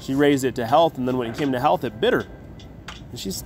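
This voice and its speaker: A man's voice: mid-range voice, slight background noise. Man teaching scripture in a casual way. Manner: reads verses slowly and emphatically, then talks loosely, tagging lines with "man". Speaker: Bible teacher. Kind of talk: scripture reading with casual commentary.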